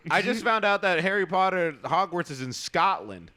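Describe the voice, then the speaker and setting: Halting, bright-voiced podcast guy. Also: high voice, very animated. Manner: halting, repeats himself. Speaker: podcast co-host. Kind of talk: casual comedic banter.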